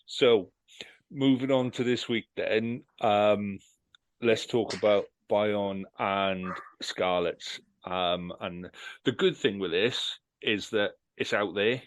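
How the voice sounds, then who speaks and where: A man's voice: lowish voice, slow, dry recording, low-quality recording. A man hosting a rugby podcast, chatting casually, joking and swearing freely as he runs through predictions. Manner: jokey banter, runs the segments, swears freely. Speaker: podcast host. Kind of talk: casual chat.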